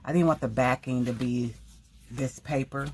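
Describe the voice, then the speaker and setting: A woman's voice: a bass voice, steady tone, a little mellow, slight background noise. Chatty woman rambling through a craft demo. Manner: rambling, quick, many self-corrections. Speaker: craft channel host. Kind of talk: casual craft tutorial chat.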